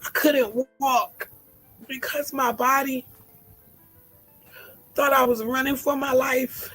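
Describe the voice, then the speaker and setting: A woman's voice: high-pitched, steady tone, slow pace, pauses often, fairly bright tone, slightly rough, soft background music, rough recording. A woman in her forties hosting a candid personal vlog. She talks in an emotional, heartfelt way, with laughing asides. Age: 40s. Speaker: host.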